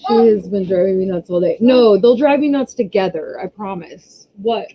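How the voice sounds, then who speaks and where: Woman, channel host, casual home livestream, chatty, exasperated, middle pitch, muffled lo-fi sound. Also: moderate pace, a little hiss or hum. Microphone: camera pointed down. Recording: slightly muffled lo-fi audio.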